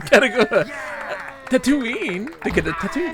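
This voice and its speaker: A man doing live gameplay commentary, playful and rambling, joking and laughing as he talks. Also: very high-pitched. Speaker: streamer. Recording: game music underneath. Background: game music.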